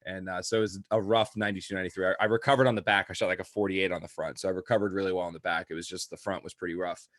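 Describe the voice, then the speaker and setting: Fast-talking man telling a rambling story. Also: low-pitched, no room sound, clean studio sound. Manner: rambling anecdote full of "like", animated quoting. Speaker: podcast co-host. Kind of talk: casual chat, storytelling.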